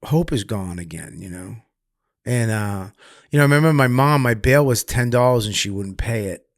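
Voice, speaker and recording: A man's voice: medium pitch, normal speed, no room sound. A middle-aged man tells his story candidly as a podcast guest, swearing freely. He acts out the other people's lines with a sudden rise in volume. The sound is dry and close. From Massachusetts, US. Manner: profane, animated, acts out quotes loudly. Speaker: guest comedian.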